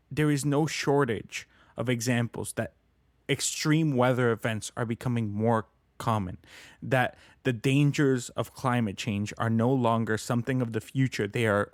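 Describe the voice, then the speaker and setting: A man's voice: mid-range voice, moderate pace, no echo, studio quality. A man co-hosting a podcast, who talks politics with passion and stumbles over repeated words when worked up. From Canada. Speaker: podcast producer and co-host. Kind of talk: casual political discussion.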